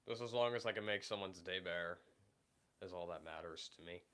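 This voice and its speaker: A little fast and sitting low, this man's voice has a fairly bright tone. He reads chat as host of a casual live stream, rambling and hesitating with many fillers as he recovers from being sick.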